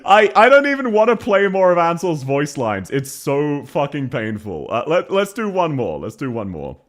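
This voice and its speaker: A young man with a broad Australian accent chats through a casual reaction stream. His voice sits slightly high and swings widely in pitch. He laughs a lot and swears freely as he mocks the voices he hears. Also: very animated, normal speed.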